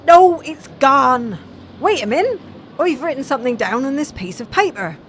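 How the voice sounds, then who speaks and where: A woman's voice: sits high, animated, moderate pace, fairly bright tone, a little hiss or hum. Woman playing a doddery forgetful granny. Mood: muddled. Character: forgetful murderous old grandmother. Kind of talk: sketch comedy acting.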